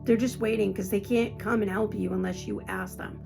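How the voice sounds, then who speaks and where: A woman's voice: medium pitch, fairly even intonation, fairly quick, gravelly. A woman in her sixties giving an earnest, reassuring spiritual talk, often repeating herself. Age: 60s. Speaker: spiritual teacher. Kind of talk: casual spoken talk. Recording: music playing behind her.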